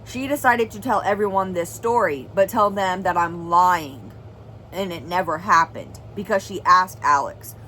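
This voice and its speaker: A woman's voice: on the low side, a little slow, sharp tone, a little hiss or hum, poor audio. A young woman vlogger telling a serious personal story in an earnest, rambling way, full of "like" and "well". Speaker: family vlogger.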